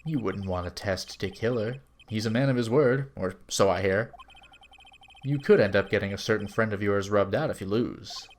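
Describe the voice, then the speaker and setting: A man's voice: fairly low pitch, moderate pace, pitched below the performer's own voice, natural voice. A man voicing a two-faced young male celebrity who turns out to be a villain, taunting in a mock-sweet tone.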